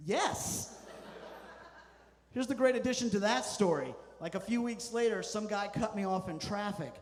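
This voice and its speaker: A man doing a stand-up comedy set on a club stage, telling stories with deadpan punchlines. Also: high voice, moderate pace, in a large hall. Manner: deadpan storytelling with punchy asides.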